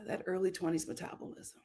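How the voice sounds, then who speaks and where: A woman hosting a live reality TV recap, animated and exclamatory, laughing often. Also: on the low side. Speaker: reality show recap host.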